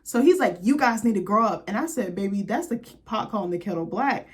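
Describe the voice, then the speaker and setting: A young woman hosting a casual reality TV recap, sassy and profane, with quick asides to her viewers. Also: mid-range voice, animated. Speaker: recap host.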